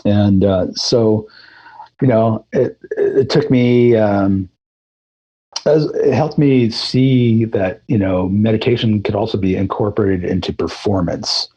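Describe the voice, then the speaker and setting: A middle-aged man, a throat singer, telling his story in a relaxed, rambling way during a casual interview, with many fillers and restarts. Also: fairly low pitch, takes it slowly, husky, low-quality recording. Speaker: guest musician, throat singer.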